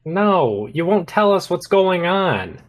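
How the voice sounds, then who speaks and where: A player in a tabletop role-playing game, talking in lively, joking banter. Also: medium pitch, takes it slowly.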